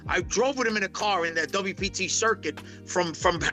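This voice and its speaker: Blunt guy talking fast on a podcast, high sharp voice, swears a lot. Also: soft background music. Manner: quick, blunt and brash, swears freely. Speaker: poker pro guest. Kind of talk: casual podcast storytelling.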